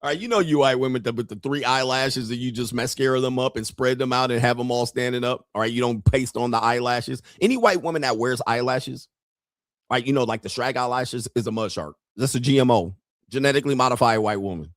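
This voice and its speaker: A man's voice: medium pitch, fairly quick, no room sound, clean studio sound. A man hosting a casual live stream, talking straight to his viewers in a brash, profane, rambling way with frequent laughter.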